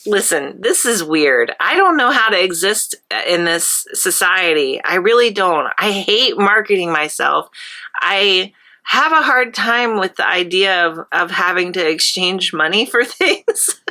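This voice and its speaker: A woman's voice: fairly low pitch, lively intonation, measured pace, sharp tone. A woman artist chatting while she paints, with a nasal voice and a cold coming on, laughing often and rambling. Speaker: artist and channel host. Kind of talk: casual chat while painting.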